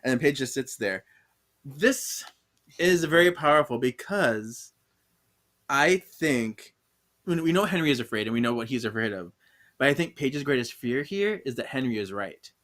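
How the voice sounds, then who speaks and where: A man's voice: mid-range voice, normal speed. A man co-hosting a podcast, recapping a comic in casual chat and acting out the characters' lines. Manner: animated, acts out lines with laughs. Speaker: podcast co-host.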